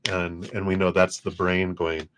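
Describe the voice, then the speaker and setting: A man with a fairly low voice hosts a livestream tarot reading. He talks in an easy, chatty way and laughs often. His tone stays upbeat as he offers gentle spiritual encouragement. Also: level tone, a little slow, noisy background. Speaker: tarot reader.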